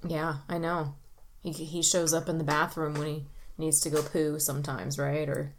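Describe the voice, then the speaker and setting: A woman hosting a casual family podcast as a mother. She gently prompts her child with leading questions. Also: low voice, flat delivery, moderate pace, a little hiss or hum.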